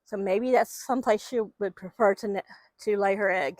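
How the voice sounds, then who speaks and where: This casual vlog features a woman rambling to her backyard chickens outside, speaking into a microphone. Her mid-range voice has a darkish tone, moves at normal speed, and the recording is dry.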